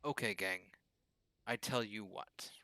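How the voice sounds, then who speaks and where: A man voicing a cold male troll in a video game, speaking slowly and deliberately. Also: lowish voice, pushed and bright, no room sound. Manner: slow, deliberate.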